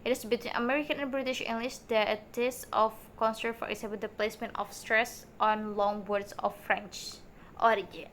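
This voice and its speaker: A young woman student giving a recorded class presentation, halting, with many fillers and restarts. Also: on the high side, fairly even intonation, a bit bright, slight background noise.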